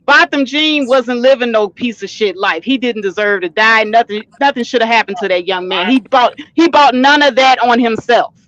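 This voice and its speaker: Blunt high-voiced man on dull audio. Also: normal speed, hardly any pauses, a bit bright. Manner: blunt and insistent. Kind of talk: heated panel discussion.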